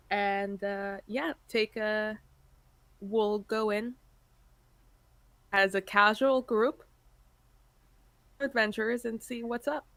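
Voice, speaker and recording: Slow, hesitant woman player. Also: mid-range voice, fairly even intonation, a bit bright, no echo. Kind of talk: playing a tabletop game.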